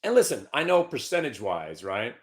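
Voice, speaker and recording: Brash man, trading show host, very animated pitch, taunting, swings between muttering and yelling. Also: fairly quick. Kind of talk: live trading commentary.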